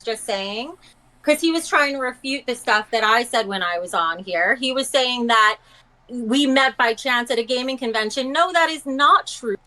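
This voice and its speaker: High bright-voiced woman guest. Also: normal speed, rough recording.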